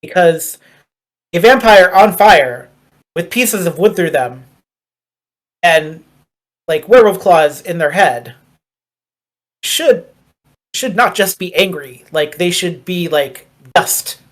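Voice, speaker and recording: A woman's voice: on the low side, animated, slow pace, long pauses. A woman running a tabletop game as game master, narrating in a rambling, wry way full of fillers.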